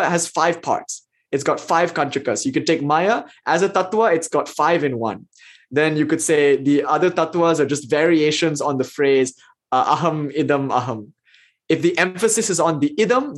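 A man giving an informal spoken lecture, thinking aloud with many restarts. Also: on the high side. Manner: thinking aloud, with frequent "you know" and restarts; chants verses in Sanskrit. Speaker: lecturer on Indian philosophy.

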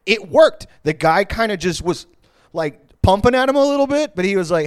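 Rich: A male podcast host telling a story in a casual, animated, rambling way that is full of swearing. His voice is fairly high for a man, and the sound is dry and close. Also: fairly quick, clear, resonant tone, no echo.

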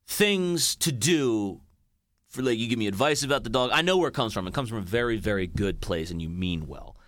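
Animated, profane podcast host ranting. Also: male voice, medium pitch, no room sound, studio quality. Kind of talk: casual comedic monologue.

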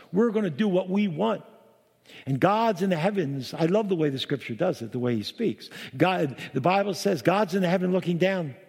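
A man with a slightly mellow, husky voice reads scripture aloud in a sermon, his pitch rising emphatically, then breaks off to explain it. A long hall reverb surrounds the recording.

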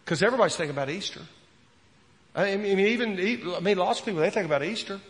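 A man preaching a sermon as a pastor, earnest, repeating words and dropping from loud to hushed. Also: high voice, animated, fast talker, big-room sound.

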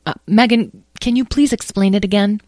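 A woman's voice: medium pitch, moderate pace, a little mellow, no echo, pitched above the performer's own voice, natural voice. Woman voicing a stern mother dragon, firm clipped storybook voice, dry close sound. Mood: impatient.

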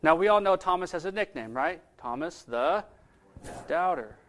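Preaching in a conversational style, this man puts questions to his audience. His voice is a little high and fairly bright, with lively intonation at a moderate pace, and there is slight background noise.

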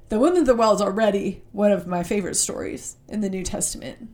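A woman's voice: medium pitch, a little mellow. A woman giving a heartfelt devotional talk, reading scripture aloud and speaking with open emotion. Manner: reads scripture aloud slowly.

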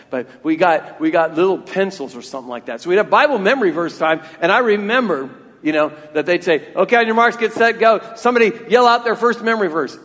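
A man preaching a sermon from a church, earnest and talking freely, often repeating words as he restarts a thought. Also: high-pitched. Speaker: pastor. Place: church sanctuary. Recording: long church reverb.

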